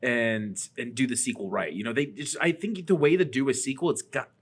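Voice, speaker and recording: A man's voice: medium pitch, a little fast, breathy edge. A man hosting a casual podcast, talking enthusiastically and rambling about films. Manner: enthusiastic, rambling film talk. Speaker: podcast host. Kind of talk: casual chat. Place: Las Vegas.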